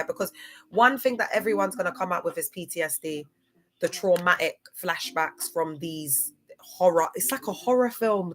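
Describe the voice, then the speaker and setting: A woman chats to her livestream viewers in a loose, slangy ramble. Her voice sits in an ordinary middle pitch, and she wanders easily from point to point. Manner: slangy, chatty, loose and digressive.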